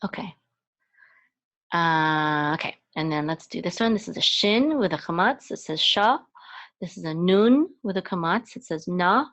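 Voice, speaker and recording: A woman's voice: on the low side, animated, measured pace, a bit bright. A woman teaching a Hebrew lesson, patiently explaining each letter and sound step by step. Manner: patient, explaining letter by letter, chanting phrases in a sung voice. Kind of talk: slow step-by-step language lesson.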